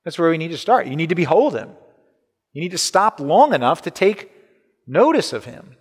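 A pastor delivers a sermon in a lively, swinging style, speaking to his congregation conversationally, repeating words and adding "right?" His slightly high, husky voice moves at a moderate pace and echoes with the long reverb of a large church hall.

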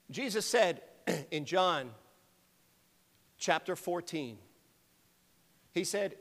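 A man preaching a sermon, earnest and emphatic, asking the congregation rhetorical questions and often clearing his throat. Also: sits high, expressive, drawn-out words, long pauses, fairly bright tone. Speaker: pastor. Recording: long reverb of a large hall.

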